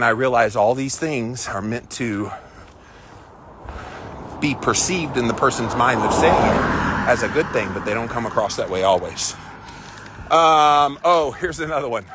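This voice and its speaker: A man's voice: medium pitch, a bit bright, slight background noise. Chatty man live-streaming on a walk. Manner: chatty, opinionated, stretches out phrases for emphasis. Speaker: host of a weekly walk-and-talk live stream. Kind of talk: casual live-stream talk reading viewer comments. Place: outdoors on a walk.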